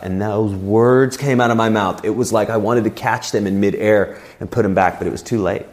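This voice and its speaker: A man's voice: on the low side, moderate pace. A man preaching a sermon as a pastor, conversational and telling personal stories. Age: adult with children.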